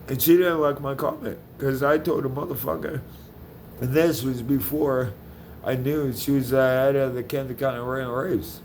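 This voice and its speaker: Brief: male vlogger, heated profane rant, mid pitch, faint background noise. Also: darkish tone. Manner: heated, profane, repeats himself. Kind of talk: angry rant to camera.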